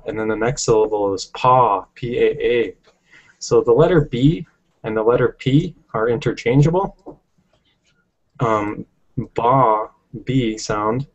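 A man teaching a language lesson, explaining patiently step by step, often pausing with ums. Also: mid-range voice, poor audio.

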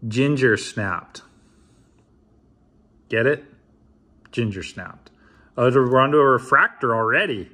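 A man's voice: medium pitch, slow pace, pauses often, bright, forceful tone, slightly rough. A man in his thirties opening trading card packs in a casual vlog, reading names aloud with wry, mumbled asides. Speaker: card opener.

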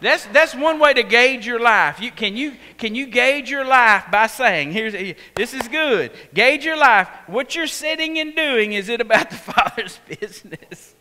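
A Texan man preaches a sermon, acting out the story with animated delivery. His voice sits high and leaps up and down with a bright edge. The sound carries a long church-hall reverb. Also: measured pace, hardly any pauses. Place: church sanctuary.

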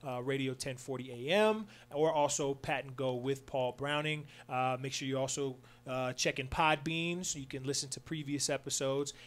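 A man hosting a casual radio sports show, upbeat and loose, with lots of fillers. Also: fairly high pitch. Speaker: sports talk show host.

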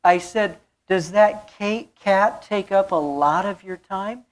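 A woman's voice: mid-range voice, slow, hardly any pauses. A woman pastor preaching a sermon, telling a story and repeating key phrases for emphasis.

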